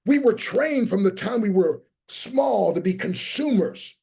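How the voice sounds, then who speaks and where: High, gravelly preacher-like motivational speaker man. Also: animated, measured pace, dark tone. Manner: preacher-like, emphatic, rallies listeners; spells out key words letter by letter. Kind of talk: motivational business talk. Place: online training session.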